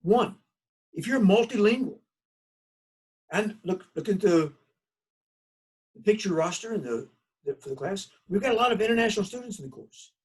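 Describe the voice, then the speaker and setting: Speaking high and at an ordinary pace, this husky-voiced instructor from the US South leaves long pauses in his recorded college lecture. The mic sits far away, and his delivery is conversational and folksy, with animated storytelling.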